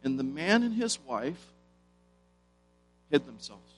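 Male preacher, slightly high pitch, emphatic and questioning delivery, faint guitar underneath. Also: very animated, poor audio. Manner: emphatic, rhetorical questions, slows for stress. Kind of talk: sermon.

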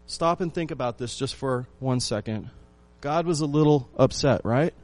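A pastor with a mid-range voice preaches at a moderate pace. He throws rhetorical questions at his listeners, repeats phrases for emphasis and shifts between loud and hushed lines.

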